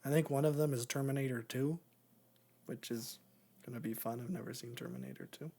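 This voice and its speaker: A man's voice: mid-range voice, fairly even intonation, brisk, mellow. A man co-hosting a podcast, rambling and joking in casual chat. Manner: rambling, joking, laughs often. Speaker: podcast co-host.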